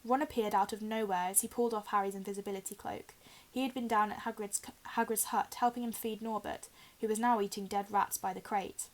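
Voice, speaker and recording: A woman reading a children's novel aloud in a steady, clear narration. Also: mid-range voice, a little fast, few pauses. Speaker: storybook reader.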